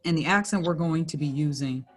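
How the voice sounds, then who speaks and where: Brisk and low-pitched, this young library worker leads a small painting class. Her casual craft tutorial runs chatty and relaxed, sprinkled with "like" and frequent self-corrections.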